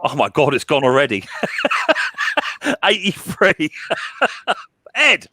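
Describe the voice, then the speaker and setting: A chatty man in his thirties hosting a relaxed livestream. His voice is bright and fairly high, recorded dry and close. He rambles, repeats his words and laughs often. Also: slow, no echo. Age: 30s. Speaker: livestream host. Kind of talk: casual livestream chat.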